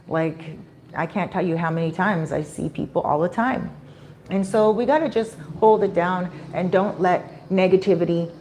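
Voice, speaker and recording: Woman, lowish voice, casual live-stream vlog, animated storyteller, faint background ambience. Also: slight background noise. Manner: animated storyteller who acts out quoted people. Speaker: vlogger.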